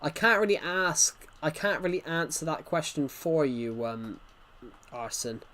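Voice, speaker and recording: A man's voice: fairly high pitch, unhurried, bright, forceful tone. A man streaming gameplay live, rambling chattily and answering chat messages, his nose bothered by hay fever.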